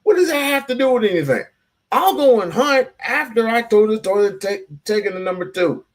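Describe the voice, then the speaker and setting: A man's voice: high voice, animated, brisk. Blunt, sarcastic man hosting. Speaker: show host. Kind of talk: casual reaction commentary.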